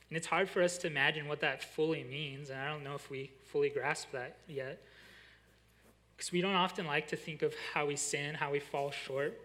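A young adult man, a college pastor, preaching a sermon and telling a lively story that slows and softens on its key lines. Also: fairly high pitch.

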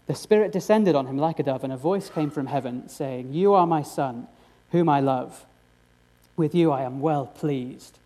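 Earnest male preacher, mellow voice. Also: a little high. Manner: earnest, with rhetorical questions to the congregation. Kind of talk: sermon.

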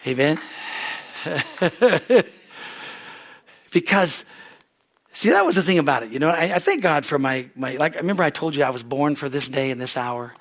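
Animated pastor preaching, a bit high. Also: male voice, moderate pace, long pauses. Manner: animated storytelling preacher, frequent restarts. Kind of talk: sermon. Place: church service.

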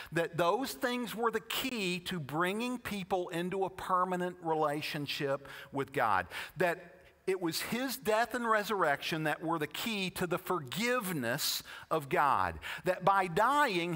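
A man's voice: high-pitched, bright, forceful tone. Emphatic preacher man in a reverberant hall. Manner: emphatic, rhetorical questions, dramatic slow-downs. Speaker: pastor. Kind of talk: sermon.

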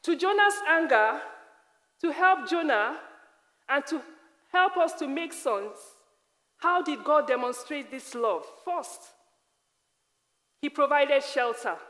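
Woman preacher, high voice, emphatic repetitions, long hall reverb. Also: lively intonation, a bit bright. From Africa. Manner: emphatic, repeats phrases slowly. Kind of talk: personal testimony sermon.

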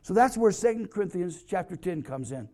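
A man's voice: high-pitched, lively intonation, a little fast, dark tone. A man preaching a sermon as a pastor in a church, earnest and emphatic, repeating key phrases to drive them home. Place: church sanctuary.

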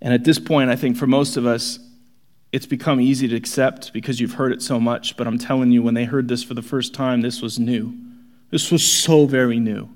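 A man preaching a sermon, shifting from hushed, intimate moments to forceful, rising emphasis. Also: mid-range voice, fairly even intonation, a little fast. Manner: dramatic, swings from hushed to forceful. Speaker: pastor.

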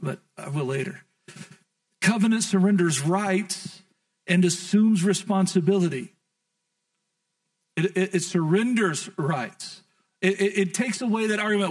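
A middle-aged male pastor delivers a sermon in a high-pitched voice, doubling back on his words in animated repetitions. He sounds a little distant from the microphone. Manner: repetitive stammering restarts, animated preaching.

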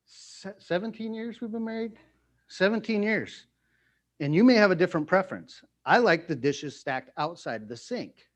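A middle-aged man preaching in a relaxed, conversational way, joking and laughing at himself often. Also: high-pitched, moderate pace. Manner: playful, self-mocking, jokes and laughs often. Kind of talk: conversational sermon.

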